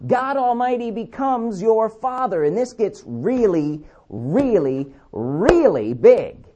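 A man preaching a sermon, emphatic, repeating key words and slowing down to read scripture. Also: sits high, sing-song, mellow, lo-fi sound.

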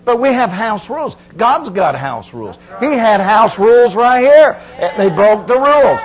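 A middle-aged preacher giving a folksy, emphatic sermon full of repeated phrases. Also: male voice, high voice, big pitch swings, normal speed, low-quality recording.

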